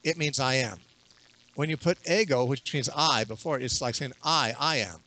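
Male bible teacher, radio guest, steady explanatory delivery, mid-range voice. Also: medium pitch. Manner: explanatory, measured, quotes scripture at length. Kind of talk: radio interview.

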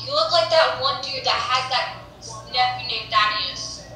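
A woman's voice: high voice, unhurried, pushed and bright, roomy sound, soft background music, poor audio. A woman chatting bluntly with a stranger on a video chat site.

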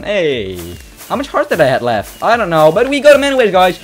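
A European man giving excitable live commentary on a game, talking to opponents and to his viewers. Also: high-pitched, a little fast. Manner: excitable, talks to opponents and viewers, yelps at kills. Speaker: gaming YouTuber. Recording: music playing under voice.

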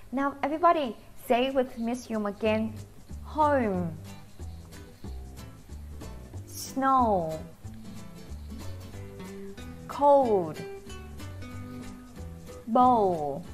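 A woman with a Vietnamese accent teaching English pronunciation to children, slowly drawing out each vowel sound. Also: on the high side. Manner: slow, sing-song teacher talk, drawing out vowel sounds.

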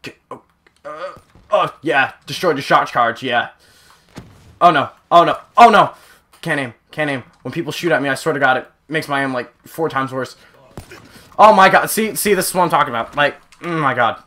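A young man commenting over his own gameplay, excitable and often yelping and exclaiming. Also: mid-range voice, a little fast. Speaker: gaming channel host.

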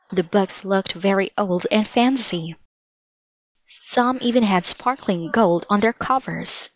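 A woman narrating a children's storybook aloud in a slow, even reading manner. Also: mid-range voice, dry recording. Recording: dull lo-fi dry recording.

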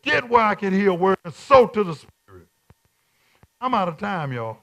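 A man preaching at Bible study as a bishop, repeating his lines in call-and-response and swinging from quiet talk to shouts. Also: sits high, very animated, moderate pace.

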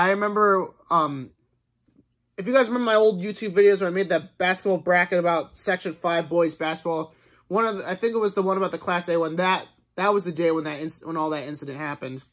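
A man's voice: high voice, a bit bright. Young adult male vlogger, rambling storyteller, loose filler-heavy delivery. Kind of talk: casual storytelling monologue.

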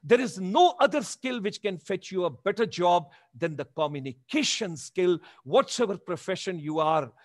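Over a video call, a motivational speaker in his 70s with an Indian accent gives a webinar talk full of emphatic, repeated exhortations. He has a high voice, and the clean studio recording is dry.

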